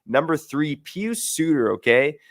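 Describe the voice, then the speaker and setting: A young Canadian man co-hosting a sports podcast, going through his picks in a steady, list-like way with frequent "uh"s. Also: a little high, unhurried, dry recording, studio quality. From Surrey, Canada. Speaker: podcast co-host. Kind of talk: sports podcast rundown and ad read.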